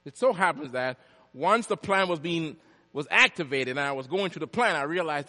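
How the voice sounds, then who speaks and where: A man preaching a storytelling sermon, swinging from loud, high bursts to hushed asides. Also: animated, normal speed. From Jamaica. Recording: long hall reverb.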